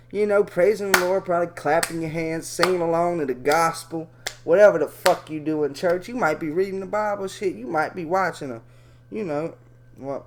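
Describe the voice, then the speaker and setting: A man's voice: high-pitched, a little hiss or hum. A man giving profane, rambling commentary as he reads out chat logs, ranting and correcting himself as he goes.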